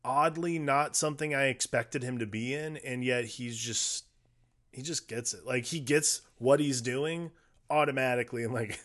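A man co-hosting a casual movie podcast, talking in a relaxed, rambling way with plenty of fillers. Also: mid-range voice, moderate pace. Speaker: podcast co-host.

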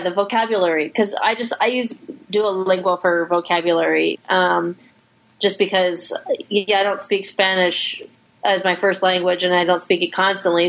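A woman chats casually as a podcast host, her voice sitting at an ordinary middle pitch. She talks loosely, tumbling through quick asides and dropping swear words without pause. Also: fairly bright tone, muffled recording. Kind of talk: casual chat.

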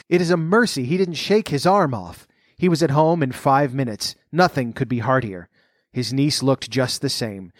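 A man narrating a storybook, reading in an expressive, lively way. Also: mid-range voice, dry recording, clean studio sound.

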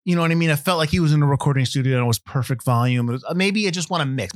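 A podcast host talks films casually, a rambling, animated storyteller who restarts often. His voice is a little high and very fast with hardly any pauses, recorded in a clean studio with no room sound.

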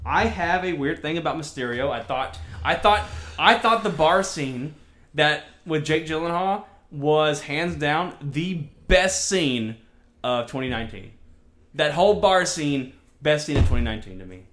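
A man in casual chat who laughs often, swears freely and rambles through excited retellings. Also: fairly high pitch, measured pace, reverberant.

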